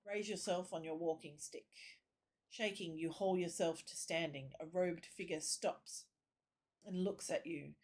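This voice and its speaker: A woman streamer reads a text adventure aloud and breaks off into muttered comments of her own. Her voice sits fairly low and she takes the text slowly and deliberately. The tone stays casual throughout. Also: fairly even intonation, a little mellow. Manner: reads narration slowly, drops into muttered asides. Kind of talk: reading a text game aloud with casual asides.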